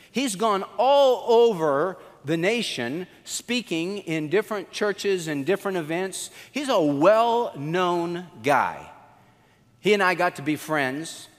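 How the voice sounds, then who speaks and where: A male pastor preaching a sermon in an animated, conversational storytelling manner. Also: a little high. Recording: long hall reverb.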